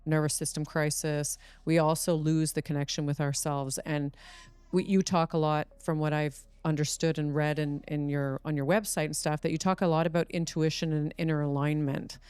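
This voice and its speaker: A woman's voice: low-pitched, level tone, normal speed, a little mellow, clean tone, no room sound. A woman hosting a podcast, asking her guest questions in a thoughtful, hesitant way with many fillers. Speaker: podcast host. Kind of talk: casual interview questions.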